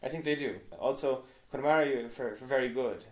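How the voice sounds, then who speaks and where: Patient Irish man explaining, echoey room. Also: medium pitch. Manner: patient, measured, with small restarts. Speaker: guest expert. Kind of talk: explanatory chat. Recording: roomy echo.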